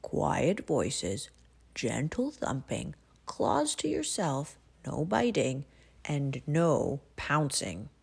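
A woman doing a gentle, patient male musk ox. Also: sits low, creaky, breathy edge, full character voice. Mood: firm, patient. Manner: calm, measured, laying down rules.

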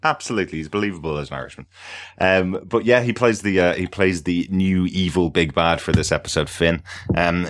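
A man with a very low voice talks on a podcast in an easy, enthusiastic way. He fills his speech with ums and uhs. The sound is dry and close, with no room in it. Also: no echo. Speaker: podcast co-host. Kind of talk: casual podcast chat.

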